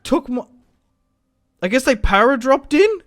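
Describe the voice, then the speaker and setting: Excitable young man thinking aloud. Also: a little high, a little slow, no echo, clean studio sound. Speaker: gaming channel host. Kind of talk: live strategy game commentary.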